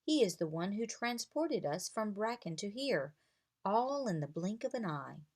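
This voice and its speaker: A woman voicing a calm, wise male dragon master who speaks in a measured way in a read-aloud storybook. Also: medium pitch.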